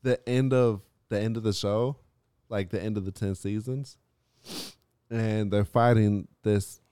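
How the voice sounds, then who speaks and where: A man's voice: on the low side, fairly even intonation, measured pace, warm tone, clear, resonant tone, dry recording, studio quality. A man co-hosting a casual, crude podcast chat, rambling with many fillers and laughing often. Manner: rambling, laughs a lot, sings songs. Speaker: podcast co-host.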